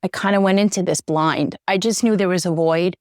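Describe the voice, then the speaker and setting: A woman's voice: on the low side, steady tone, brisk, dry recording, clean studio sound. Earnest, choked-up middle-aged woman guest. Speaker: interview guest, divorce journalist. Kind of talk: conversational interview.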